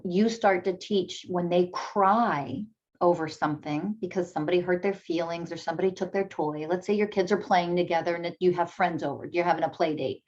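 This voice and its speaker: A woman's voice: fairly low pitch, darkish tone. A woman speaking as a parenting coach in an instructional video, emphatic and repeating her key points, and soothing when she models what to say to a child. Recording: dull lo-fi recording.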